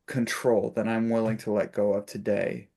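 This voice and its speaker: A man's voice: lowish voice, little pitch movement, normal speed, vocal fry. A man facilitating a spiritual discussion on a video call, telling stories and acting out little quotes with laughs. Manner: warm storytelling with laughs and acted-out quotes.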